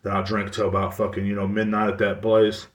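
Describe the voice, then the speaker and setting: A podcast host tells a long, rambling, profane story in a casual way. His voice is lowish, monotone and brisk, picked up by a distant mic in a roomy space.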